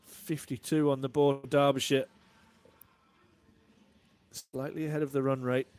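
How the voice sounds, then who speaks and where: A man giving live cricket commentary and analysis in a relaxed way, warm in praise of good shots. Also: medium pitch, a little slow, smooth.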